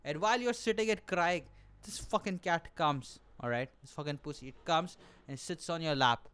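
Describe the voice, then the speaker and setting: On his own podcast, an aspiring stand-up comic launches into an exaggerated, profane rant, repeatedly asking the listener "all right?" His voice is fairly high, fairly bright, clear, and resonant, moving at a moderate pace.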